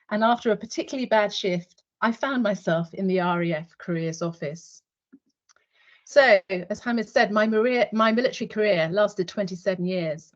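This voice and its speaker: A woman in her fifties, a retired military nurse, telling a vivid story in the second person as a guest speaker in an online webinar. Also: on the low side. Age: 50s. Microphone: video call. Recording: dull lo-fi online call audio.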